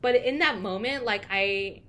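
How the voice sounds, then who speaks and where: A woman's voice: medium pitch, measured pace, pushed and bright, slight background noise. A young woman co-hosting a podcast, telling candid stories in casual chat and swearing freely. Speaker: podcast co-host.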